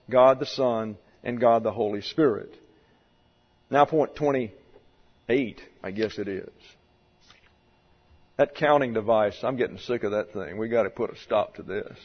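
A pastor preaching a doctrinal sermon in a church, deliberate and stressing key words as he works through numbered points. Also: medium pitch, breathy edge. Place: church sanctuary. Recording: dull sound with long hall reverb.

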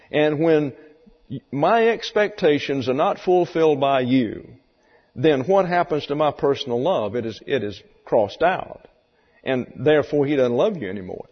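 Male Bible teacher, folksy lecture, husky voice, muffled hall recording. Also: medium pitch, lively intonation, moderate pace. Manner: folksy, explanatory, rhetorical questions. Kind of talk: sermon lecture.

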